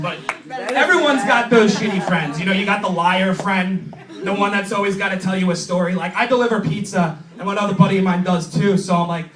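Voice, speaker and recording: A young man from New York doing a crude stand-up set, rambling and acting out his friends in quick voices. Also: high voice. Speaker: stand-up comedian. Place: small comedy club stage. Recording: roomy club from far off, crowd.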